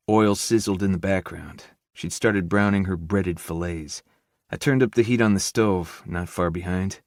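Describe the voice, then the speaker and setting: Male first-person narrator, low, measured, dry close read. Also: no echo.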